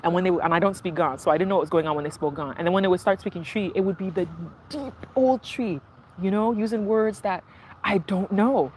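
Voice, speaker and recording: A woman vlogger chatting casually while riding in a car, telling stories in a lively way. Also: on the low side, quick pace, slight background noise. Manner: animated storytelling, acting out market sellers and her mother. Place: inside a moving car.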